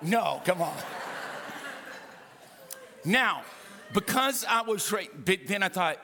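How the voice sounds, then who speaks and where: In an echoing hall, a male pastor delivers a sermon full of funny stories, animated and humorous, with asides to the congregation. He speaks slowly in a high-pitched voice, pausing often, with background noise audible.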